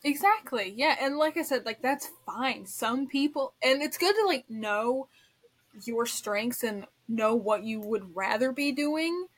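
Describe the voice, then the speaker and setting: Supportive young woman co-host, slightly high. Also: expressive, unhurried. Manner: supportive, frequent "yeah" agreement. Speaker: podcast co-host. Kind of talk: casual chat.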